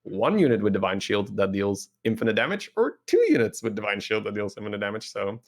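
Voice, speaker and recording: A man co-hosting a casual game-strategy podcast, explaining things in a measured way with the odd "um". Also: lowish voice, very animated. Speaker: podcast co-host.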